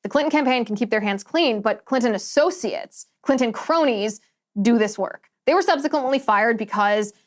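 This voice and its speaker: A woman host speaks in a fairly high voice. She delivers an opinionated monologue with emphatic, pointed phrasing and repeats words for effect. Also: moderate pace. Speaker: political commentary host.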